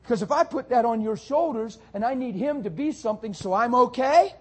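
Male preacher, high-pitched and husky, fervent sermon delivery. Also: lively intonation, brisk, a little mellow.

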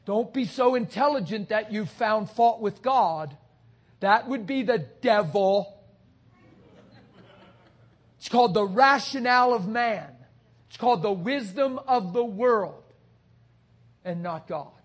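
A man preaching a passionate sermon, swinging between shouts and hushed, intimate talk. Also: high-pitched, slow, long pauses.

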